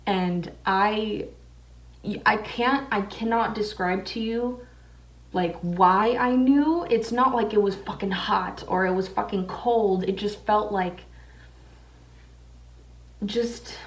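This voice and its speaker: Recorded from a distance in an echoey room, a woman with a mid-range voice tells a tale slowly, with long pauses. She's a makeup vlogger doing her makeup while chatting casually, swearing heavily and using many fillers.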